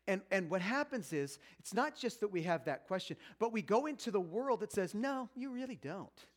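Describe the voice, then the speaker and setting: A man's voice: high voice, very animated, fairly quick. A man in his fifties giving a chatty, self-mocking talk on marriage to a live audience, acting out quoted voices. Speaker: speaker at a marriage seminar.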